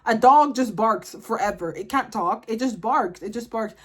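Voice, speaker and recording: A woman's voice: a little high, moderate pace. A woman, ranting bluntly and comically to camera in a casual vlog. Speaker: vlogger.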